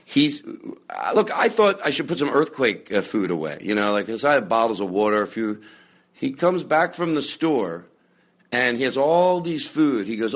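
A man's voice: mid-range voice, big pitch swings, normal speed. Rambling, jokey comedian man hosting. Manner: loud jokey bursts of mock anger, frequent swearing; chatty, with many fillers and restarts. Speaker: podcast host.

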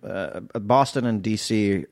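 A man's voice: on the low side, takes it slowly, a little mellow. A man comedian as a podcast guest, rambling into crude comic riffs in casual chat.

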